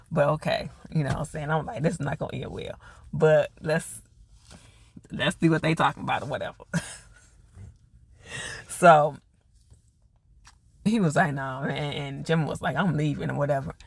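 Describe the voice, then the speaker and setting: A man talks through a TV episode in a loose, chatty way, with a gravelly edge in a fairly high voice. He acts out the characters' lines with "he was like" and scolds them with a laugh. The sound is close and dry. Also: fairly even intonation, normal speed, pauses often, no room sound. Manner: retells scenes in quoted dialogue, laughs at the characters; loose, chatty, full of fillers like "you know" and "or whatever". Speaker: TV episode reviewer. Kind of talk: casual episode recap.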